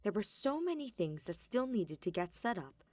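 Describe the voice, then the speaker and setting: Woman podfic reader, lively intonation, mid pitch, dry close recording. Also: normal speed, dry recording. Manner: expressive storytelling. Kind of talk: scripted narration.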